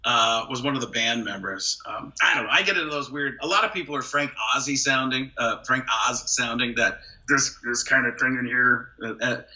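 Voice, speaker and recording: A male comedian and impressionist chatting on a podcast, lively and quick to slip into impressions. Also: mid-range voice, dull audio. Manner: animated, jumps into brief celebrity impressions. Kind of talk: casual podcast chat with quick impression demos.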